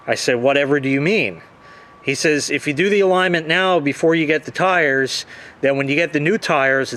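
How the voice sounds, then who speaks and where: A man's voice: mid-range voice, a bit bright. A man ranting casually to his audience, swearing freely and replaying conversations in quoted dialogue. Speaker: vlogger. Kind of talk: casual profane rant.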